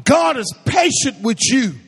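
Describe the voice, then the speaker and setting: A man's voice: extremely high pitch, animated, unhurried, vocal fry, a bit bright, slightly rough. A man preaching a sermon in a church sanctuary, using call-and-response and repeating phrases for emphasis. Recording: echoey hall with long reverb.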